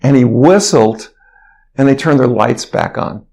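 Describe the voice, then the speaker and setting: A man's voice: medium pitch, expressive, unhurried, vocal fry, warm tone, highs cut off. A man, a physician guest on an interview show, telling a long anecdote in a rambling way, with fillers and restarts. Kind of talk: storytelling interview.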